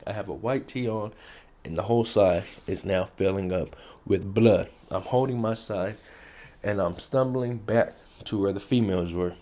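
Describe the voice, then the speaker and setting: Warm in tone and lowish in pitch, this man tells a story from his past straight to camera in casual street fashion. He speaks in blunt, profane street talk and circles back to key phrases for emphasis.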